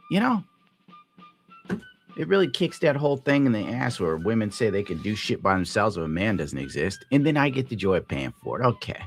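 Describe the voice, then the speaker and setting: A tired man live streaming, telling a rambling, profane story in a grumbling way. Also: deep voice. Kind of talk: rambling livestream rant.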